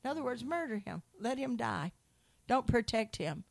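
A woman in a Christian conversation, teaching from the Bible with animated storytelling and acted-out quotes. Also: on the high side, moderate pace, gravelly. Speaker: Christian speaker.

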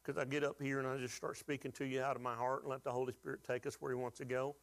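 A man's voice: medium pitch, level tone, fast talker. A man preaching a sermon to his church, folksy and joking, asking the congregation to call out answers. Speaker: pastor.

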